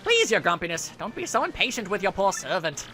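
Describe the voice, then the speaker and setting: A man voicing a fussy, fawning old female turtle witch who serves a villain, in a high, simpering voice. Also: wildly swooping pitch, brisk, full character voice.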